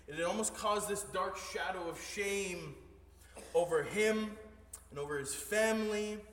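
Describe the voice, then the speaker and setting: A male pastor preaching a sermon, moving between hushed storytelling and rising, emphatic preaching. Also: on the high side. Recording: echoey hall, voice heard from a distance.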